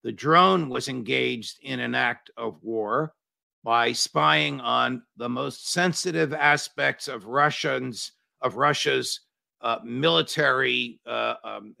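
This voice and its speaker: A man hosting an interview, asking measured questions with hesitant fillers. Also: medium pitch, creaky, bright, forceful tone, no room sound. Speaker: host.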